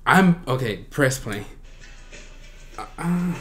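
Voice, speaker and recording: A man hosting a reaction video, gushing with excitement and often breaking into shrieks and squeals. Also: mid-range voice, very slow, soft background music. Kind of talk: excited fan reaction commentary.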